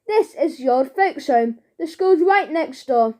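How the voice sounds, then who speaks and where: A woman's voice: sits high, animated, slow, darkish tone. A woman voicing a sweet, doddery old lady who kindly calls everyone dear.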